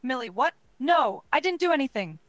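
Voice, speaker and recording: A woman's voice: high voice, sing-song, normal speed, rough recording. A synthetic woman's voice reading a young British chatbot character, narrating her own actions in a prim tone. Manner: reads actions and lines aloud, prim. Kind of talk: text-to-speech chatbot roleplay.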